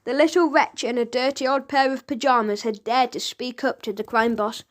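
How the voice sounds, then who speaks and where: A woman narrating a children's audiobook in a lively, expressive storytelling manner. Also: a little high, moderate pace.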